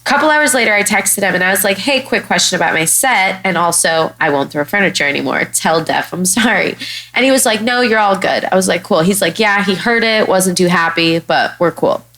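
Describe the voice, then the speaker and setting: A woman's voice: medium pitch, a little fast, rough recording. A young woman from Chicago, a stand-up comic hosting a podcast, telling a story bluntly and with lots of swearing. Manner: blunt, profane, animated storyteller. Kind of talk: casual storytelling chat.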